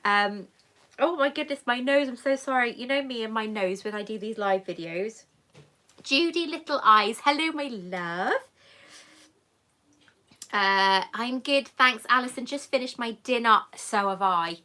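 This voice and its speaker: Speaking a little slowly in a bright, forceful voice on the high side with lively intonation, a British woman runs a casual live Q&A stream from home. She greets viewers fondly with pet names like "love" and "sweetheart," and a monopod-mounted camera mic picks her up.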